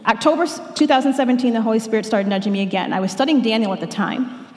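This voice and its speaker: A woman's voice: on the high side, fast, a little mellow. A woman sharing an earnest church testimony, breaking off and restarting now and then, with prayers quoted along the way. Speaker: speaker giving a testimony. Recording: echoey hall, long reverb.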